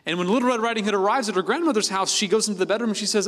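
A man's voice: high voice, very fast, few pauses, a bit bright. A male pastor giving a sermon in a conversational, playful way, with plenty of fillers. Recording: long reverb of a big hall.

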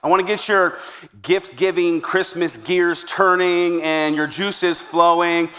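A man's voice: high-pitched, steady tone, slow, bright, forceful tone. A man preaching a sermon to a church congregation, conversational and upbeat, with jokes along the way. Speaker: pastor. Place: church service before a congregation.

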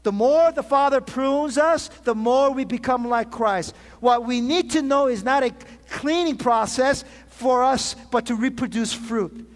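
A pastor's very high voice, a little slow, rings through the long reverb of a big church sanctuary. He keeps restarting phrases as he preaches and draws call-and-response amens from the congregation.

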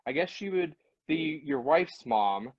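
A man's voice: on the high side, animated, slow, dry recording, highs cut off. A man co-hosting a casual live stream, chatting in a goofy, rambling, playful way. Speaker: podcast co-host.

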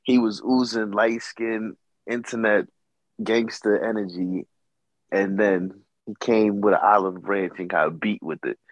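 A man's voice: lowish voice, fairly even intonation, unhurried, no echo, poor audio. A man co-hosting a podcast, chatting casually and making wry jokes. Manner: joking, wry commentary. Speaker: podcast co-host. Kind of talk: casual chat.

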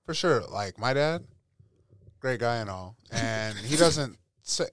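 Taking his time, a young man with a mid-range voice tells stories as a podcast guest, recorded in studio quality without echo. It's casual chat, and he animatedly voices members of his family.

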